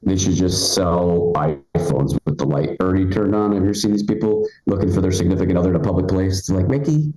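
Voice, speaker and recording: A man's voice: deep voice, steady tone, fast talker, few pauses, warm tone, roomy sound, soft background music, rough recording. A man in his forties doing a live stand-up set, chatty and rambling, full of fillers and restarts. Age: 40s. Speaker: stand-up comedian. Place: comedy club stage.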